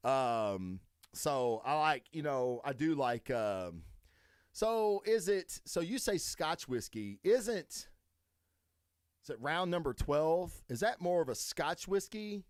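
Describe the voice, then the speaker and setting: Brief: crude, swearing Southern man hosting a podcast, animated delivery, dead-dry room. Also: on the high side, slow, smooth, dry recording. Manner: rambling, swears a lot, crude joking. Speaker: podcast host. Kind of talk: casual profane chat.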